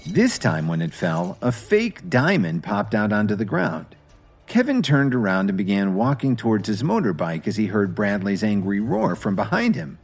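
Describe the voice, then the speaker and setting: A man narrating a dramatic story in an expressive way. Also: lowish voice.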